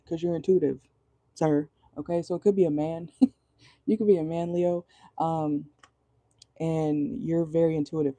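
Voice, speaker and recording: A woman's voice: low-pitched, mellow, no echo. A woman giving a casual tarot reading from inside a car, chatty and rambling, laughing often and swearing casually. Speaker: tarot reader.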